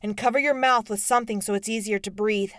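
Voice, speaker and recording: A woman's voice: medium pitch, fairly even intonation, fast, fairly bright tone, no room sound, clean studio sound, close to an everyday voice. A woman voicing a teenage boy who gives urgent, commanding instructions over the phone.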